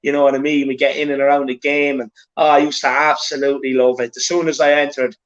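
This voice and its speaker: A man's voice: mid-range voice, little pitch movement, fast, lo-fi sound. A male host chatting casually, prompting his guest and sharing memories. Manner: chatty, prompting with "you know what I mean". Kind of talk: casual interview chat.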